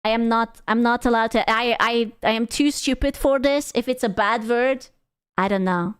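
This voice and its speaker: A young woman with a high, smooth voice talks to her stream in an unhurried, rambling way. She swears freely and sounds exasperated as she reacts. Her close mic gives a dry sound with no room echo. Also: steady tone. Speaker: VTuber streamer. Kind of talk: casual reaction commentary.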